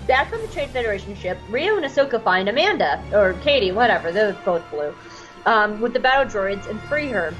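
A woman co-hosting a podcast recaps an episode in a bubbly, gushing way, her speech heavy with fillers like "like". Her voice is fairly high-pitched, and the audio quality is poor.

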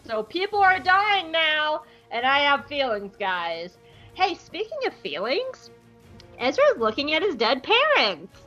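Woman, podcast co-host, high voice, playful and jokey, slightly dull audio, faint music behind. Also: huge pitch swings, a little slow, sharp tone. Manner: playful, jokey, acts out quotes in silly voices. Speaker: podcast co-host recapping an episode. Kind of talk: casual recap with comic voiced quotes.

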